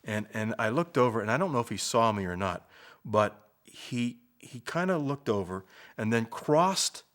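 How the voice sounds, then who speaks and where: An older man, an actor, recalling his early career in a soft-spoken, unhurried interview manner. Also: mid-range voice, expressive. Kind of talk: interview reminiscence.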